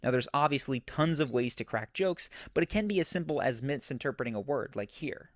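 A man giving a scripted, measured explanation as an online lecturer. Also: medium pitch, expressive, dry recording, studio quality. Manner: measured, instructive.

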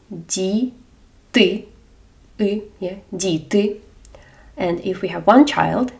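A woman with a Ukrainian accent teaching a beginner language lesson, repeating words slowly and clearly for learners. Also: medium pitch, darkish tone, recorded from a distance.

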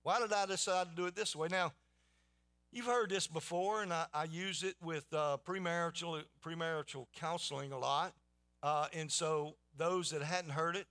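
A man's voice: a little high, bright, forceful tone. A man preaching a sermon in a folksy storytelling way, with many restarts. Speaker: pastor.

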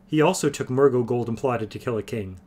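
A man's voice: mid-range voice, a little fast, darkish tone, a little hiss or hum, close to an everyday voice. A man voicing an earnest, thoughtful young man reasoning things out in a fantasy audiobook reading. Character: thoughtful earnest young male farm boy.

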